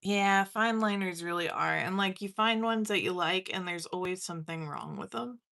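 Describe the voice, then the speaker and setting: Chatting casually as she paints on a live stream, a young watercolor artist speaks at a moderate pace in a medium-pitched voice that is creaky, bright and forceful. She laughs often and mocks herself good-naturedly.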